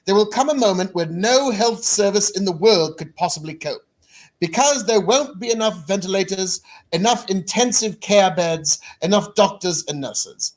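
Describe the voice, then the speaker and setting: A grave British politician addressing the nation in a slow, deliberate voice, as an American man puts him on. The voice sits fairly high, and the tone is solemn and weighty throughout. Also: expressive. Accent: British English, put on. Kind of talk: impression of a speech.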